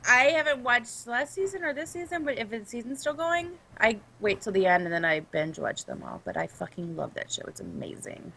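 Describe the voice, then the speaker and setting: Bright-voiced woman guest, faint hiss. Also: fairly high pitch, big pitch swings, fairly quick, gravelly, few pauses, rough recording. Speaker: podcast guest. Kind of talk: casual chat.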